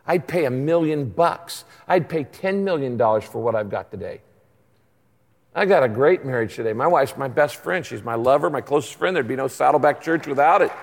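A man's voice: medium pitch, expressive, moderate pace, creaky. A man in his sixties preaching a sermon as pastor, telling stories in a conversational, humorous way in a large church auditorium. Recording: long hall reverb.

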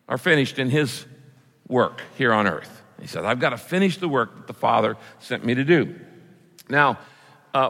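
A pastor delivers his sermon with a bright, forceful tone and a pitch that swings widely as he stresses his points. He leans on repetition to drive key phrases home, and his voice rings through a long hall reverb. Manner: emphatic preaching, repeating key phrases.

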